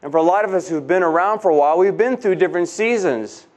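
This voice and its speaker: A man's voice: high-pitched, lively intonation, fast, a little mellow. A male pastor praying and preaching reverently, often repeating words as he goes. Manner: reverent, prayerful, stammered repeats. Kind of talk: sermon and prayer.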